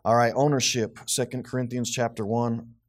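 A man leading a Bible study with a small group, reading scripture aloud with rising force and then explaining it in a relaxed, conversational way. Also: mid-range voice, normal speed. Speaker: Bible teacher.

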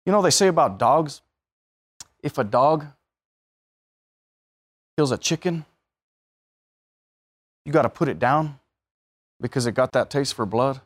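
A man's voice: medium pitch, expressive, a little slow, pauses often. A man preaching a sermon, telling everyday stories and acting out the voices of the people in them. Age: adult, married.

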